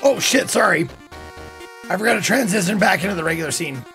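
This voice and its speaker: Gravelly man in casual game commentary. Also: high voice, expressive, bright, forceful tone, soft background music. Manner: casual, swearing, quick asides. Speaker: streamer. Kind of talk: casual let's-play commentary.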